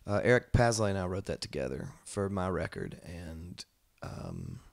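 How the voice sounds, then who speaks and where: Low gravelly man, relaxed chat. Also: moderate pace. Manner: relaxed, thoughtful, many fillers. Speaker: musician and songwriter guest. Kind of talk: casual interview chat. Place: indoor music venue.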